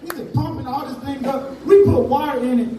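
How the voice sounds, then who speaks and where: A man performing stand-up on a club stage, telling a story in loose, slangy talk. His voice is unusually high for a man. The camera is far off, so the room echoes heavily and the crowd and noise are clear. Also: brisk. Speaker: stand-up comedian. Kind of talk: stand-up comedy set.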